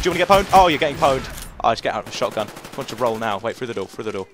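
Young male gamer, quick and animated, self-mocking commentary over faint game noise. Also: medium pitch. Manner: excitable, self-mocking, repeats phrases, yelps when killed. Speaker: gaming commentator. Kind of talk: live gameplay commentary.

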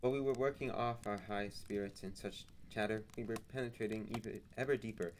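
Low-voiced man reading a novel aloud. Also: fairly even intonation, fairly quick, slight background noise, poor audio. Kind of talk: audiobook-style narration.

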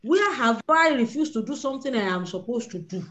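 A woman's voice: fairly high pitch, lively intonation, fairly quick, fairly bright tone. A woman leading a prayer call, preaching and acting out the voices of Bible figures. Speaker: prayer leader. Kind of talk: sermon on a prayer line.

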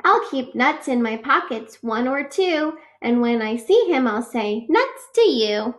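A woman's voice: a little high, expressive, unhurried, a bit bright. A woman reading a children's picture book aloud, patiently explaining facts and adding personal asides. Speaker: read-aloud reader.

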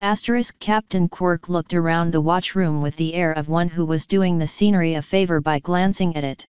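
A woman reads an audiobook in a measured, dry manner, her voice smooth, very clear and set a little low. The sound is close and dry, but dull and lo-fi. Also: fairly even intonation, darkish tone, no room sound. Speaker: audiobook narrator. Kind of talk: audiobook narration.

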